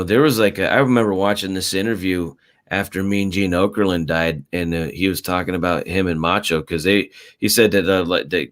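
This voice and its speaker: A man with a low, slightly bright voice co-hosts a podcast, a casual fight talk show. He rambles through the chat with plenty of fillers and a lot of swearing.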